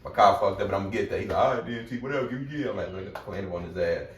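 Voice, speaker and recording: A man tells a rambling story at a quick clip, and the voices he acts out for other people jump up loud. The sound is roomy and echoing. His voice sits away from the mic, with steady noise behind it. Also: deep voice. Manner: animated, acts out quoted voices loudly. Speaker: storyteller guest. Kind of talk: casual storytelling. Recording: echoey room, mic far off, noisy.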